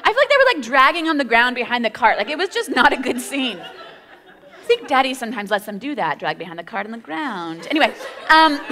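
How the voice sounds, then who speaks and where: High, bright-voiced woman pastor telling stories. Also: brisk. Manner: animated, laughing, acts out quotes. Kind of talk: storytelling sermon. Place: church. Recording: echoey church hall.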